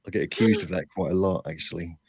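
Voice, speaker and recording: English guest, london-ish accent, very low voice, dry teasing, dry sound. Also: male voice, fast, darkish tone, slightly rough, no room sound. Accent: English, mix of London and West Country. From England. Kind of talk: casual interview chat.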